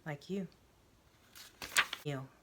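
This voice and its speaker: A woman voicing a hushed, cryptic girl patient. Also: sits low, very slow, noisy background. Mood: detached. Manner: flat, hushed and evasive.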